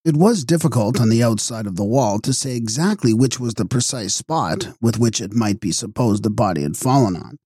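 Man, audiobook narrator, gothic novel, dark mellow tone, dry recording. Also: mid-range voice, slightly rough, no echo. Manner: steady, measured storytelling.

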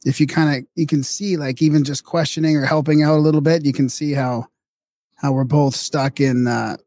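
A man hosting a podcast, chatting in a relaxed, rambling way. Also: fairly high pitch, normal speed, no echo. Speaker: podcast host. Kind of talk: casual conversation.

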